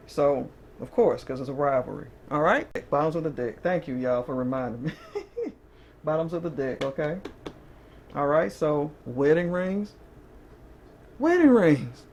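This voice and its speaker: This woman gives a casual, chatty tarot reading to camera, often checking in with her listeners with "okay?" and breaking into short laughs. Her voice sits low with a darkish tone, and there's slight background noise.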